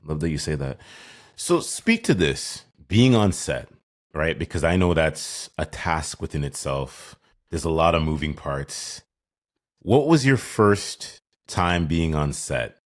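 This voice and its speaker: A man's voice: rumbling low, big pitch swings, slow pace. A man hosting a podcast, affirming his guest and asking long, rambling questions. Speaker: podcast host. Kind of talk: casual interview talk.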